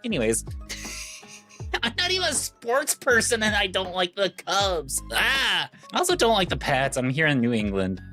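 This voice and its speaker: Animated, rambling young streamer woman. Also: lowish voice, normal speed, faint music behind. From Missouri, US. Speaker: VTuber streamer. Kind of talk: casual meme-reaction commentary.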